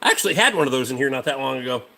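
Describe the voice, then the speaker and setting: A man's voice: medium pitch, lively intonation, rapid-fire, gravelly, sharp tone. A man hosting a casual livestream, a mechanic rambling about truck parts and swearing freely while answering chat.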